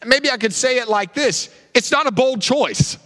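A male pastor preaching a sermon, animated and full of rhetorical questions. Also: very high-pitched, moderate pace. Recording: reverberant hall.

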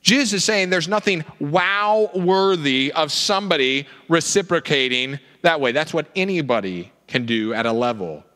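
A male pastor preaching a sermon, animated and full of rhetorical questions. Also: a little high, normal speed, hardly any pauses. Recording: reverberant hall.

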